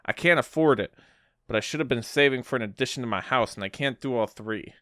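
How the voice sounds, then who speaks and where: A man's voice: mid-range voice, fast talker, fairly bright tone, no room sound. A young man co-hosting a comedy podcast, reading posts aloud with a dry, close sound. He laughs easily and trips over his words, keeping a loose, joking tone. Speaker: podcast co-host.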